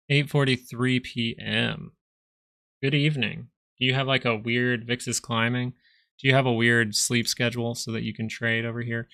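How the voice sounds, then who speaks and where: Gravelly-voiced young man narrating stock charts. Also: mid-range voice, pushed and bright, dry recording. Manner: chatty, rambling, reads chat aloud. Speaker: stock market livestream host. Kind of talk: casual live market commentary.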